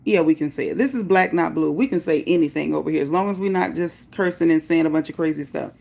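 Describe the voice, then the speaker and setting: A woman's voice: low-pitched, fast, vocal fry, darkish tone. A woman hosting a livestream, reading viewer comments and speaking bluntly about her opinions and chat rules. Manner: greets viewers by name, upbeat bursts. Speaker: livestream host.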